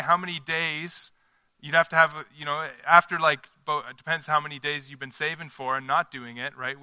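A man's voice: a little high, pushed and bright, no echo. A man preaching a conversational sermon at a church service, earnest and emphatic, working through his points as he thinks aloud. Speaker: pastor.

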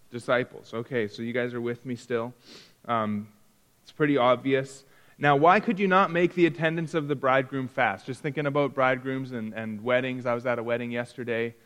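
A man's voice: mid-range voice, moderate pace, fairly bright tone, smooth, big-room sound. A man teaching a Sunday school Bible lesson in a conversational way, reading verses aloud and asking the class questions.

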